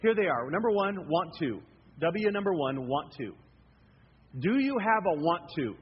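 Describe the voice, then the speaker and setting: High-voiced pastor preaching in a hall. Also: male voice, moderate pace, slightly rough. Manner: animated preaching, acts out listeners' inner voices. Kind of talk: sermon. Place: church hall. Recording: lo-fi hall recording with faint noise.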